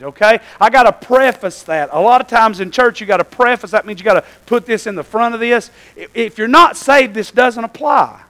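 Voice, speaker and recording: A man's voice: very high-pitched, animated, a little fast, a bit bright, rough recording. A middle-aged man preaching and giving church announcements in a folksy, rambling way, often calling out to his congregation. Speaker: pastor.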